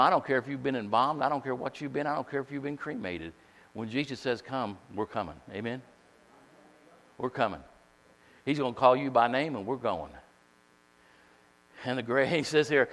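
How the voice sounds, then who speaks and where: A man preaching a sermon, leading the congregation in call-and-response and swinging from quiet asides to shouts. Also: medium pitch, a little fast, long pauses. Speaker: pastor. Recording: long hall reverb.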